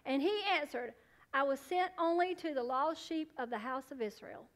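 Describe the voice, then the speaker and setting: Emphatic high-voiced woman pastor preaching. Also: normal speed. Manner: preaching with rising emphatic bursts and hushed asides. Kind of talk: sermon.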